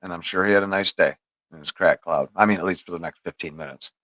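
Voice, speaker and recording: A man with a lowish voice rambles through a profane anecdote as podcast host. The sound is close and dry, with no room around it. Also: fast, fairly bright tone, dry recording, poor audio. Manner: rambling, profane, laughs at own story. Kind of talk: casual storytelling chat.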